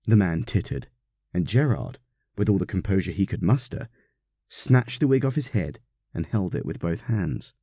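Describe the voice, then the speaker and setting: A man reading a story aloud, narrating in an expressive, wry manner. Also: sits low, moderate pace, slightly rough, no echo, clean studio sound.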